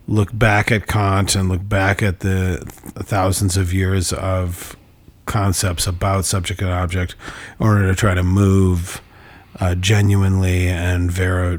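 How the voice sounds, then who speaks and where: A man casually explaining a philosophy text, halting and restarting often, with many fillers. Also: low voice.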